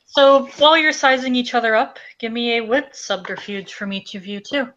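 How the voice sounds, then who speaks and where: A woman's voice: on the high side, moderate pace, dull audio, background noise. A woman running a tabletop role-play game, matter-of-fact as she calls the rolls. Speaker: game master.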